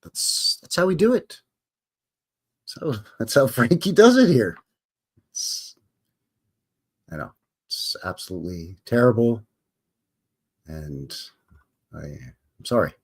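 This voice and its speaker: Rambling Canadian man, lively pitch. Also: slow, long pauses, breathy edge. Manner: rambling and jokey, tags lines with "eh, buddy". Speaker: livestream host. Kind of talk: casual livestream chat.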